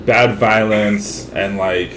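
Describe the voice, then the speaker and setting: A co-host from St. Louis, Missouri, rambles casually through an interview with lots of fillers and the odd swear word. His lowish voice is steady and fairly bright, and he takes it slowly. There's noisy hiss in the background.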